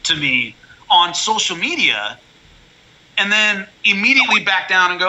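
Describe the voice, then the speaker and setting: A man talking as a guest in a casual interview, blunt and animated, telling stories with many restarts. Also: high voice, normal speed, noisy background. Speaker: MMA color commentator, guest.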